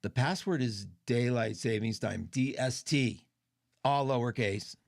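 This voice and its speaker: A man's voice: mid-range voice, measured pace, vocal fry. A middle-aged man hosting an astrology show, talking casually, chatty and emotional, with strong opinions. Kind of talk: casual livestream talk.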